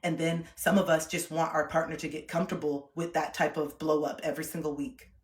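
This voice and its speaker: A woman's voice: low voice, little pitch movement, a little fast, echoey room. A woman giving relationship advice on a livestream, talking emphatically and repeating her points. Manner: emphatic, repetitive, acts out quoted voices.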